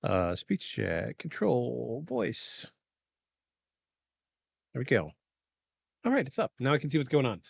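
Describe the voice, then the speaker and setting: A man hosting a live podcast in casual chat, rambling with many fillers and clearing his throat from allergies. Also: mid-range voice, huge pitch swings, takes it slowly, long pauses, no echo. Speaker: podcast host. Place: home setup in the eastern US.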